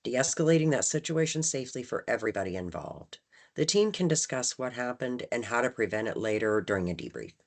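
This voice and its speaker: Running a staff training session, a woman with a rumbling low voice talks a little fast with lively intonation. Her style is conversational, with frequent "right?" check-ins and phrases acted out with shifting emphasis.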